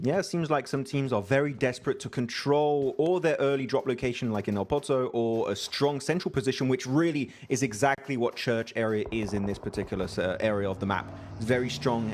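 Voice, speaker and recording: An English man casting a live esports match, chatty and quick to laugh. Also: medium pitch, darkish tone, a little hiss or hum. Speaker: esports caster.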